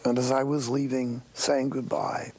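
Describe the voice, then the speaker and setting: A man's voice: medium pitch, little pitch movement, measured pace, darkish tone, slightly rough. An older man, a monastic priest, giving a wry, anecdotal talk with half-whispered asides. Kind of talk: storytelling talk.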